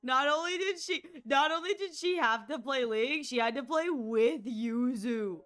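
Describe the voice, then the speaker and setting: Giggling woman streamer, high voice. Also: expressive, a little slow, fairly bright tone, clean tone, faint music behind. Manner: laughing uncontrollably, squealing. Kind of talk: casual live-stream gaming commentary.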